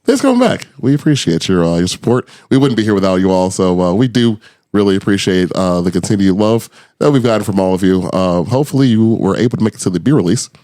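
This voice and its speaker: A man's voice: low-pitched, lively intonation, fast, warm tone. A man hosting a casual podcast, rambling loosely, swearing freely and laughing often. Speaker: podcast host.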